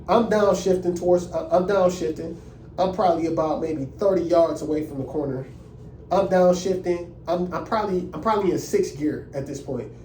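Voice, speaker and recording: A young man telling a story in a casual, animated, indignant way and using lots of slang. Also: on the high side, roomy sound, distant mic, a little hiss or hum. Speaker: vlogger.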